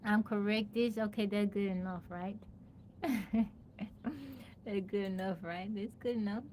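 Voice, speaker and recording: A woman's voice: mid-range voice, steady tone, a little slow, a little mellow, slight background noise. A woman chatting casually on a live stream, thanking viewers by name and laughing as she sounds out a hard word over and over. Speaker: livestreamer.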